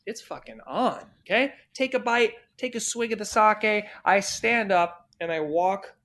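A man's voice: high-pitched, unhurried, bright, forceful tone. A man guest on a podcast, telling a story in a loose, casual way with lots of swearing and fillers. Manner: loose and profane, with many fillers. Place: podcast studio.

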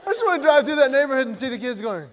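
A middle-aged man performing animated stand-up comedy, breaking into shouted, acted-out quotes. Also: very high voice, racing, crowd noise. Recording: live hall with long reverb, faint noise.

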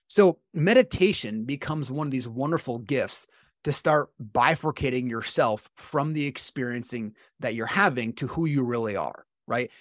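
A man's voice: mid-range voice, dry recording, studio quality. Man explaining meditation in casual talk. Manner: conversational, repeats "right?", acts out inner dialogue. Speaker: podcast co-host teaching meditation.

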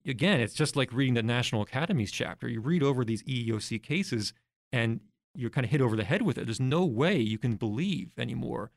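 A man speaking as a podcast guest, laying out his points one by one in a level, mid-pitched voice. The sound is dry and close, with no room around him. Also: animated, a little fast, gravelly, dry recording. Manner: explanatory, walks through examples step by step. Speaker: guest researcher. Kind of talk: podcast interview.

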